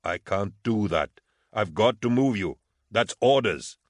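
A man's voice: on the low side, expressive, measured pace, no room sound, clean studio sound. A man voicing a flustered male prison guard who talks with agitated, snapping urgency.

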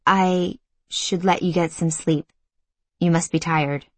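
A woman voicing a quiet, strained young man. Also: on the low side, steady tone, takes it slowly, dry recording. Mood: subdued. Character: subdued young man, hurt and restrained. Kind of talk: audiobook character reading.

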